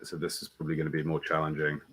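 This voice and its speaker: Man, very low voice, stream host, curious, reads viewer comments. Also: completely flat delivery, rapid-fire, a bit bright, a little hiss or hum. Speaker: host of a Bible study stream. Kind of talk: casual livestream chat.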